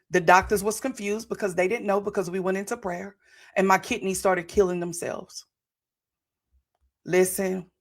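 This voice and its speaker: The podcast host is a woman in her forties with a mid-range, fairly bright voice. She offers a fervent, preacher-style motivational testimony to viewers, repeating phrases for emphasis.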